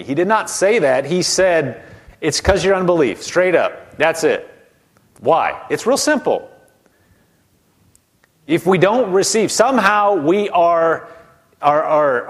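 A man preaching a sermon in a conversational way, slowing down to stretch key words and dropping into hushed voices to mimic doubters. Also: a little high.

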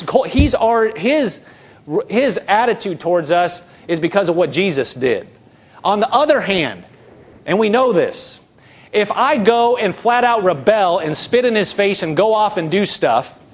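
A man's voice: high-pitched, expressive, normal speed. A middle-aged man preaching an earnest, conversational sermon, asking rhetorical questions and often restarting his sentences. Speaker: pastor.

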